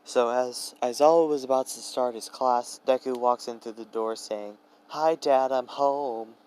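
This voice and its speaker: A man's voice: mid-range voice, steady tone, normal speed, darkish tone, clean tone, rough recording. A young man improvising a fan-fiction story, rambling with fillers and restarts.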